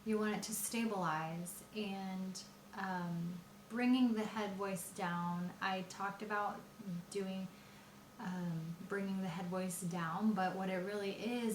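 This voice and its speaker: Woman voice teacher, unhurried delivery, patient and explanatory, roomy echoey space. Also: mid-range voice, slight background noise. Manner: patient, explanatory, with frequent pauses and fillers. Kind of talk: singing lesson explanation. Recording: roomy echo.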